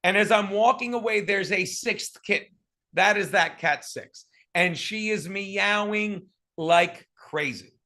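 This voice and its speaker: Bright, high-voiced man telling a rambling story. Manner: rambling, joking, many fillers and restarts. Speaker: guest storyteller. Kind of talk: casual comedic storytelling.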